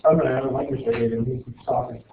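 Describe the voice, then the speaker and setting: In a classroom, a male teacher leads a casual exam review, joking, quizzing students and rambling. His mid-range voice is steady and very fast, with slight background noise, captured as echoey, tinny lo-fi audio.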